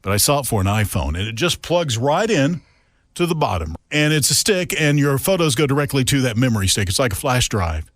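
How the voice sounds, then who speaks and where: Lively, animated male podcast host. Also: mid-range voice, brisk, no echo. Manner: chatty, animated, joking. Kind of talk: casual chat. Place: radio station studio.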